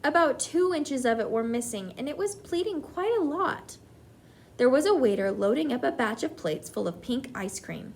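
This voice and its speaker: A woman teacher reading a children's book aloud to her class, with expressive, animated delivery. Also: high voice, moderate pace, a little hiss or hum.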